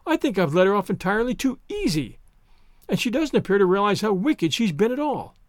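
A strict, no-nonsense older spinster in a storybook, brisk and scolding, as a man reading aloud puts her on. The voice is high and lively, recorded dry and close. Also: dry recording.

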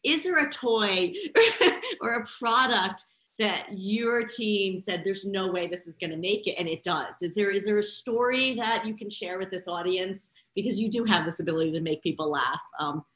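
A woman's voice: mid-range voice, moderate pace. Woman interviewer, laughing, enthusiastic, stumbling phrasing, roomy echo. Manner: warm, enthusiastic, laughs often, stumbles over words. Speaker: interview host. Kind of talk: conversational interview. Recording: echoey room.

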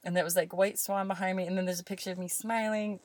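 A woman co-hosting a casual chat, telling long rambling stories that get animated as she goes. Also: mid-range voice, fast, dry recording.

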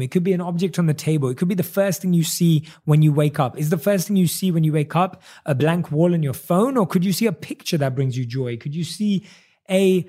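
Earnest motivational guy, kinda high mellow voice, lots of questions, slows way down on key words. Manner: earnest, repetitive rhetorical questions, speeds up and slows for emphasis. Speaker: motivational speaker. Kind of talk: motivational talk to camera.

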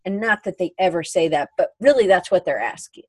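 A woman's voice: on the low side, lively intonation, a little fast, breathy edge, dry recording. A woman hosting a casual podcast interview, chatty, reading out listener comments and laughing easily. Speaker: podcast host.

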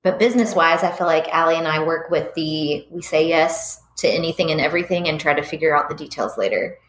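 A woman's voice: deep voice, fairly quick. A woman guest in a casual interview, earnest and thoughtful, with many fillers. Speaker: guest, business owner. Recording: echoey room.

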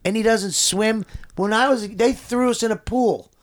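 A man's voice: high-pitched, moderate pace. A man in casual chat, talking bluntly and swearing freely. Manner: blunt, profane, emphatic.

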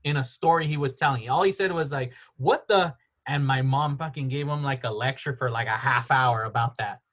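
Bright-voiced man rambling through stories. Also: medium pitch, a little fast. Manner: rambling storyteller, many "like"s, laughs often. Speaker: podcast host. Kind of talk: casual chat.

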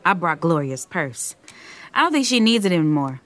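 A woman's voice: fairly low pitch, big pitch swings, normal speed, fairly bright tone. A young woman playing a bossy, scheming young woman bent on revenge, with dry sarcastic delivery in a comedic parody. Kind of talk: comedic telenovela parody acting.

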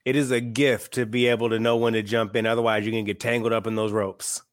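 A man's voice: lowish voice, fast, no room sound. Guy from michigan, 30s, chill and wry, dry close sound. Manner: relaxed, wry, opinionated. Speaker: podcast guest, author. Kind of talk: casual chat.

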